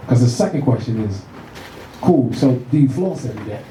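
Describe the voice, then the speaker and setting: Animated male stand-up comic, roomy club sound. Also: mid-range voice, brisk, far from the mic, crowd noise. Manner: animated, profane storytelling with acted-out voices. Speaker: stand-up comedian. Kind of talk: stand-up comedy set. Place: comedy club stage.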